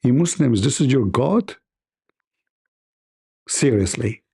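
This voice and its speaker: A man hosts a live debate stream, delivering a mocking monologue in a sarcastic, taunting tone. His medium-pitched voice is animated and slow-paced, with vocal fry and a slightly mellow, slightly rough quality.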